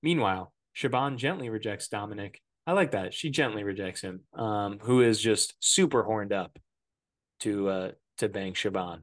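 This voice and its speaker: A podcast host with a fairly low voice and moderate pace recaps a movie plot in a casual review chat. He jokes and rambles, his speech full of filler words.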